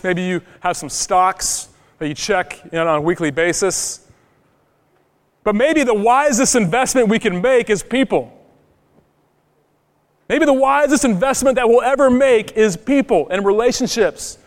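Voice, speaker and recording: High, clear-voiced preaching man. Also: long reverb tail. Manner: emphatic preaching with rhetorical questions. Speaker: pastor. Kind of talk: sermon.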